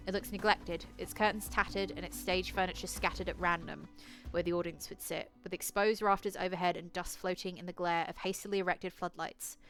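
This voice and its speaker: A woman reading aloud and playing a solo tabletop horror adventure, casual and swearing, laughing at herself. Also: on the low side. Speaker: solo tabletop game player and narrator.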